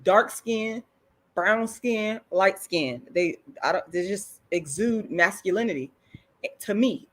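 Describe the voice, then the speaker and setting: A woman's voice: medium pitch, slow. A middle-aged woman ranting on a live stream, blunt and profane, repeating herself when worked up. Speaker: online commentator. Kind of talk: livestream rant.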